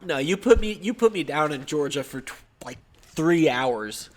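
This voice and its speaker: Brief: animated co-host guy, slightly high, quick jokes and self-mockery. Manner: joking, self-mocking banter with laughs. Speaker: podcast co-host. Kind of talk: casual chat.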